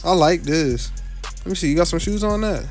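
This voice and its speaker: A man's voice: on the high side, moderate pace, a little mellow, soft background music. A young man giving casual, joking reaction commentary as a YouTuber, talking bluntly in slang and dropping tags like "you feel me" all through. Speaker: YouTuber rating viewers' avatars.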